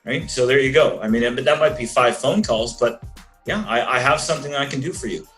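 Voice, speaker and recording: A man's voice: medium pitch, a little fast, a bit bright, faint music behind, rough recording. A Canadian man, a financial planner, talking earnestly in a rambling way with many restarts during a video call interview.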